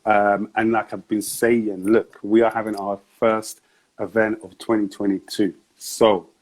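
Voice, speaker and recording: A man's voice: on the low side, darkish tone. A man hosting a live-streamed interview show, talking in an upbeat, chatty way with slang. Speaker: host.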